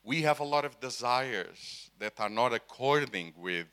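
Slow, bright-voiced male preacher. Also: medium pitch, lively intonation, clean tone. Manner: asks the audience questions, emphatic. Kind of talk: sermon.

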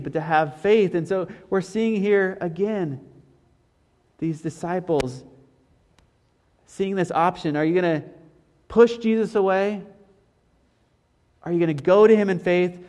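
High voiced guy preaching, earnest, slow repeats, big echoey hall. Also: a little mellow. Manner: earnest, repeats key phrases slowly. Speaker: pastor. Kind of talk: sermon. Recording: long hall reverb.

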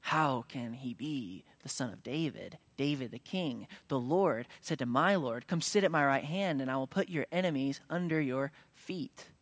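A man preaching a sermon, moving between casual asides and loud, emphatic declarations, at times dropping to a hush. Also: mid-range voice, normal speed, few pauses, no echo. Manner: conversational preaching that swings from hushed to loud and emphatic. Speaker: pastor.

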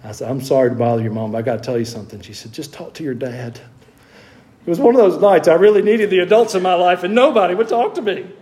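A middle-aged man preaching a sermon in a homey, storytelling way. His voice sits slightly high for a man yet sounds dark and mellow. He stumbles over repeated words when he turns earnest. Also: lively intonation, rapid-fire, hardly any pauses. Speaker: pastor.

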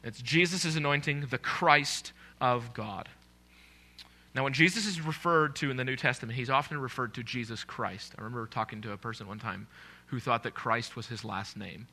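A man's voice: mid-range voice, moderate pace, pushed and bright. A man preaching a sermon in a conversational way, asking his congregation questions.

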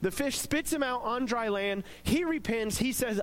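A man preaching in a casual, conversational devotional style and retelling a scripture story in an animated way. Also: very high voice, normal speed.

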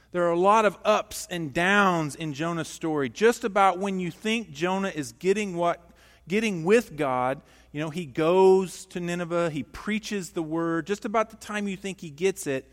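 A male pastor preaching a sermon, emphatic and animated, asking the congregation questions in a church. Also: a little high, big-room sound.

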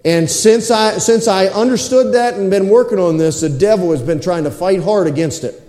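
A man's voice: high-pitched, normal speed, warm tone. A man preaching a sermon as pastor in a church sanctuary, repeating his points and calling for responses from the congregation. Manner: preaching with repetition and call-and-response. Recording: roomy echo with long reverb in a hall.

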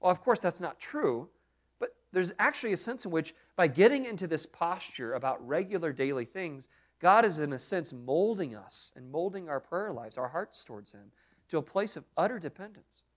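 A man's voice: on the high side, expressive, moderate pace. A young adult man preaching a sermon as pastor, speaking earnestly and expressively with strong emphasis.

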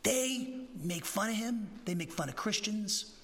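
A male pastor from New teaching a Bible lesson, animated and conversational, with jokey asides and frequent "okay?". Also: high voice, unhurried, slight background noise. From Massachusetts, USA. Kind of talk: expository Bible teaching sermon. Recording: roomy hall reverb.

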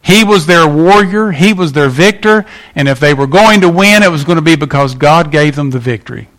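Preacher guy, kinda high voice, folksy, keeps asking the crowd questions. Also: expressive, moderate pace, fairly bright tone. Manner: folksy, emphatic, asks the congregation questions. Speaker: pastor. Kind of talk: sermon.

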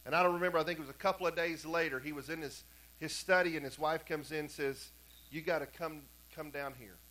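Bright, high-voiced preacher. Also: male voice, steady tone, fast, poor audio. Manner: storytelling preacher, swings from hushed to emphatic. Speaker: pastor. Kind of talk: sermon. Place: church sanctuary.

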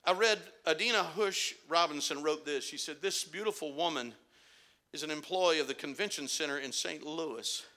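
A male pastor preaching a sermon, telling stories quietly and then rising to shouted, fervent climaxes. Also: on the high side, normal speed. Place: church sanctuary.

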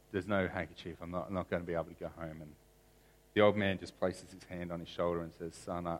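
Deep-voiced earnest male preacher. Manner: earnest, often repeats words as he restarts. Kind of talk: sermon story and spoken prayer.

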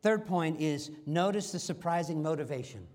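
A middle-aged man preaching a sermon as pastor, swinging from loud emphatic lines to soft, slow, hushed ones. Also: fairly high pitch.

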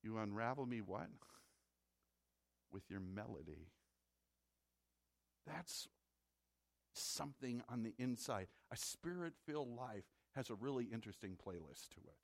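A man's voice: mid-range voice, animated, unhurried, gravelly, long pauses. A man from the Midwest preaching a sermon as a pastor, in a conversational way that repeats words when he presses a point.

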